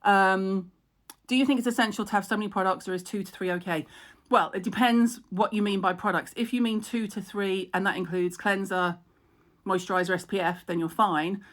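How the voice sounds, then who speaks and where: Hosting a casual live stream, a middle-aged woman talks frankly and chattily, laughs at herself often and answers viewer comments. She has a mid-range voice with a steady, fairly bright tone, and she speaks fairly quickly.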